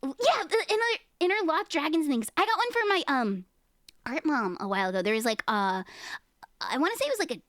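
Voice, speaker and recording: A woman with a high, lively voice that leaps up and down. She chats casually with her viewers, rambles from thought to thought and giggles often. The sound is dry and close. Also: fairly quick, no echo. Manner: rambling, giggly, talks to chat. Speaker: streamer. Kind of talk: casual chat.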